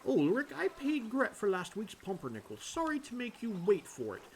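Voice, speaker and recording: A man voicing a kindly, busy village woman from a video game, speaking high and fretful. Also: wildly swooping pitch, normal speed, a little hiss or hum, heavily acted. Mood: fretful, earnest.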